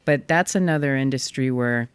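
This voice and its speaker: A woman being interviewed as a podcast guest, talking in a relaxed, frank way and swearing casually. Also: very deep voice, normal speed, clean tone, no room sound. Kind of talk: casual chat.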